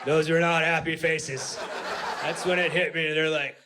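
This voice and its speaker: A man doing stand-up with a fairly high voice, rambling through a story in a casual way. His delivery sinks into low, quiet mutters and then climbs into shouts. The recording is a live club set on a handheld mic, with clear room noise underneath. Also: little pitch movement, normal speed. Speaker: stand-up comedian. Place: comedy club stage.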